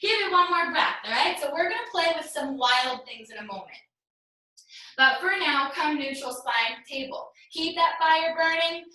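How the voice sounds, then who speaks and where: Leading a live yoga class, this instructor cues poses in an upbeat way, half-sings some of them, laughs at herself, and sounds a bit out of breath. Her high-pitched voice has lively intonation, a sharp tone and a normal speed. She's far from the laptop mic on a hotspot, so the sound is very echoey and rough.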